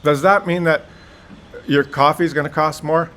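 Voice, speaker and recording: A man's voice: a little high, fairly even intonation, measured pace, fairly bright tone. A man giving video commentary, indignant and explanatory, talking straight to the viewer.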